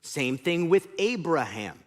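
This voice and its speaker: A man's voice: fairly high pitch, big pitch swings, takes it slowly. A male pastor preaching a sermon, telling stories animatedly and acting out scenes.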